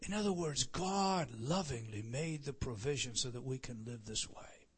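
A middle-aged man preaching a sermon, repeating phrases for emphasis and swinging from loud declarations to soft asides. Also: medium pitch, normal speed, breathy edge. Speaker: pastor.

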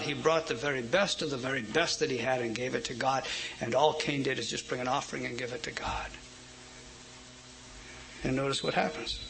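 A man preaching a sermon, emphatic, asking his listeners questions and swinging between loud stresses and quiet asides. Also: mid-range voice, rough recording. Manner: emphatic, asks the audience questions.

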